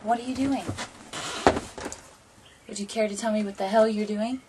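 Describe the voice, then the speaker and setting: A woman's voice: medium pitch, fairly even intonation, normal speed, very noisy. A woman hosting a casual home vlog, rambling and playfully bossy as she chats. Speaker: vlog host. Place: home room with ambient noise.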